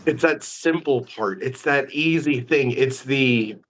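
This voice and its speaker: A man hosting a casual live-stream interview, an animated storyteller full of quick asides. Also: medium pitch, slight background noise. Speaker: magician, host.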